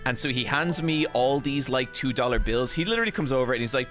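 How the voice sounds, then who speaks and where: A man with an Irish accent hosting a podcast, telling an embarrassing story in a casual, animated, self-deprecating way and swearing freely. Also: medium pitch, fast talker, soft background music. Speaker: podcast host.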